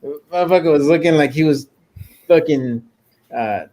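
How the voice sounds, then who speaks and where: An American man in casual podcast chat, telling profane, animated war stories and jokes. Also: a little high, moderate pace. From United States. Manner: profane, animated storytelling with loud impressions. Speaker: podcast co-host, military veteran.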